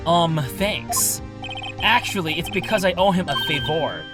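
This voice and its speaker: A man's voice: high-pitched, steady tone, a little slow, loud music behind the voice. A man reading as an earnest young lawyer.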